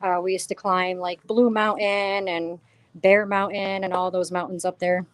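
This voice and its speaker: A woman chatting casually as an interview guest, animated and quoting herself as she tells stories. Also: lowish voice, normal speed, smooth, no echo. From New York. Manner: animated storyteller, quotes herself and others. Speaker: paranormal investigator guest.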